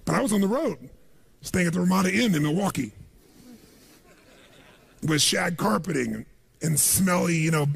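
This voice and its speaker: A man giving an energetic motivational speech to a live seminar audience and calling out for their responses. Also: high-pitched, normal speed, creaky, long pauses, a little hiss or hum. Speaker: motivational speaker. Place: large seminar hall before an audience.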